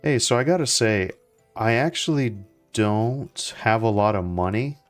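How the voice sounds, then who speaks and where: A young man chatting casually as he plays, relaxed and rambling with lots of fillers and restarts. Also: on the low side, measured pace, faint music behind. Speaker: gaming streamer. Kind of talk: casual gameplay commentary.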